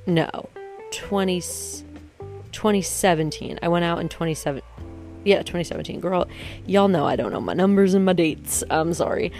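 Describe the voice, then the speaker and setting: A woman's voice: on the low side, a little mellow, soft background music. A young woman from the US East Coast talking casually to camera, rambling, interrupting herself and laughing at her own jokes. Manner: rambling, self-interrupting, jokey, quick laughs. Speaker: vlogger. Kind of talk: casual chatty vlog.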